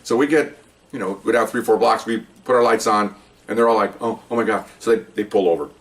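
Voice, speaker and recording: A man's voice: lowish voice, fairly even intonation, quick pace, fairly bright tone, distant mic. An older man, a retired police officer, telling a story from his career in a casual, rambling way, often repeating and restarting words.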